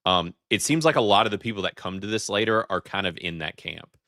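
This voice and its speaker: A man co-hosting a podcast, chatting casually in a measured, hedging way while thinking aloud. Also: low voice, expressive, pushed and bright, dry recording, studio quality. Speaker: podcast co-host. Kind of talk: casual chat.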